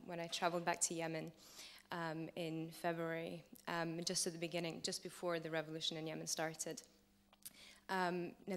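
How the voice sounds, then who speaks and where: A woman filmmaker presenting her personal documentary at a workshop, reflective and using frequent "um" fillers. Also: on the low side. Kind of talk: project pitch at a workshop.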